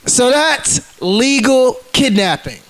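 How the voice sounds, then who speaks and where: A man's voice: extremely high pitch, sing-song, slow pace, rough recording. A man ranting casually to the camera, heated and profane, acting out the people in his stories. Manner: profane, heated, acts out quotes in scenes.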